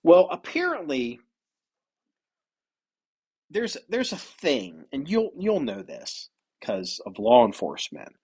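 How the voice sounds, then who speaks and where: Lively, rambling male podcast host. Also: mid-range voice, takes it slowly, long pauses, husky. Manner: rambling, profane storytelling. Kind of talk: casual chat.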